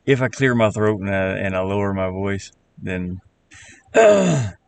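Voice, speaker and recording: Southern man, lowish voice, game-dev streamer; halting, rambling casual talk while working. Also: steady tone, a little hiss or hum. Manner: rambling, halting, restarts words.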